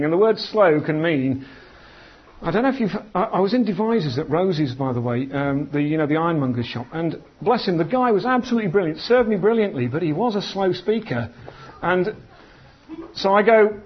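A man preaching a sermon in an animated, conversational storytelling manner. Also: on the high side, moderate pace, breathy edge. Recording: dull lo-fi sound.

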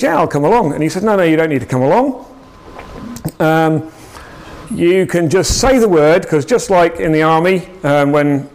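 Man, informal sermon, rambling, chatty asides, slightly high voice. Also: darkish tone. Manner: conversational, rambling, with frequent restarts and asides. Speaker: preacher.

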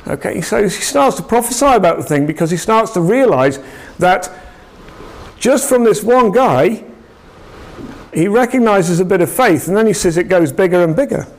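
Lay preacher, male, casual and meandering delivery, voice a touch higher than usual. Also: lively intonation, normal speed. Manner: conversational, rambling, with frequent restarts and asides. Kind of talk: informal sermon.

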